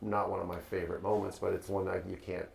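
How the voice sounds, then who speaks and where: A middle-aged man, a guest on a casual podcast, giving fatherly advice in a measured, hesitant way. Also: low voice, level tone, gravelly, darkish tone, roomy sound.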